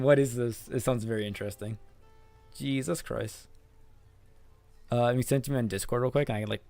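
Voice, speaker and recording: A man's voice: mid-range voice, creaky, a little mellow. A man streaming live, chatting casually with his chat and translating manga. He laughs often, swears, and calls people "dog" and "man.".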